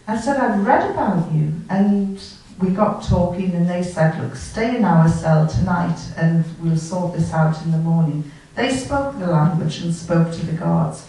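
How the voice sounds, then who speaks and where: A woman giving a storytelling talk, recalling events and acting out the dialogue in a lively way. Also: lowish voice, a little slow, gravelly, few pauses. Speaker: guest speaker. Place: lecture hall. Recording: far from the mic, very echoey hall.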